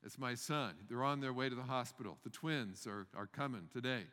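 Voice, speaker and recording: Older male storyteller, animated and stammering, bright tone, in a big reverberant hall. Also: mid-range voice, a little fast. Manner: animated, acts out the panicked scenes loudly, stammers and repeats words. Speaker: speaker telling a personal story. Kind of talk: humorous storytelling talk.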